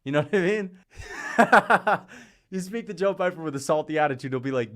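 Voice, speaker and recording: A man's voice: on the high side, lively intonation, a little fast. A man streaming live, rambling in casual chat, joking and often laughing, slipping into mocking impressions. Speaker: livestreamer. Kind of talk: casual livestream rant.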